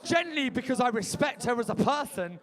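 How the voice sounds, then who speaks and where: Male comedy compere, high and very animated, shouts at the crowd, crude jokes. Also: moderate pace. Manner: loud, crude banter with crowd. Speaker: comedy night host. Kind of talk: stand-up compering. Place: student bar venue.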